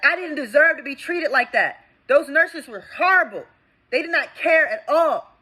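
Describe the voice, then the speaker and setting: A young woman and veteran, ranting with indignation in a vlog, swinging between loud outbursts and low mutters. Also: expressive, moderate pace, rough recording. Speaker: veteran vlogger. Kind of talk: impassioned vlog rant.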